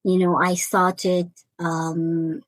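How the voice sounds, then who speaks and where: A young adult woman guest sharing a personal story in an interview, earnest and halting, often repeating words as she searches for them. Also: lowish voice, flat delivery, no echo, poor audio. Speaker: interview guest, life coach. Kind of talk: personal testimony in conversation.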